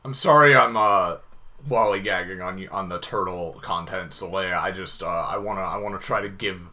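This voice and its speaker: A man's voice: low-pitched, normal speed, pushed and bright. A man streaming a game and chatting casually with friends, stammering a little as he restarts his sentences. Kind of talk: casual chat while gaming.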